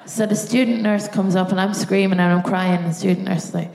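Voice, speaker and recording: A woman's voice: fast talker, gravelly, hardly any pauses, slight background noise. Laughing woman doing stand-up in an echoey theatre. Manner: animated storytelling, laughing through punchlines, yelps into high put-on quotes. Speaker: stand-up comedian. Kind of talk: live stand-up set. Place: large theatre stage.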